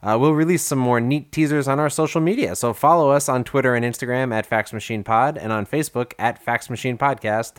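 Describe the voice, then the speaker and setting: A man's voice: mid-range voice, fairly quick, hardly any pauses, smooth. A man hosting a casual podcast, introducing the show with a wry, playful delivery. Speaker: podcast host. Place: New York.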